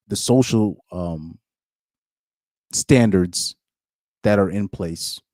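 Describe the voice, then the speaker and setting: Male channel host, low mellow voice, opinionated live commentary, keeps repeating his points, dry close sound. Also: no room sound. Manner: opinionated, repeats phrases for emphasis. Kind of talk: casual live reaction commentary.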